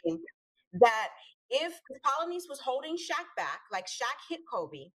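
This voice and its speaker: A woman's voice: high voice, very animated, measured pace, rough recording. A woman, a podcast co-host, asking questions in a chatty, casual interview.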